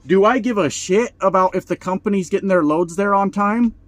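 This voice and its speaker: Angry, cursing truck driver venting. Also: male voice, high-pitched, a little fast, no echo. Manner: heated, profane venting. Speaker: over-the-road truck driver. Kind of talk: vlog rant to camera.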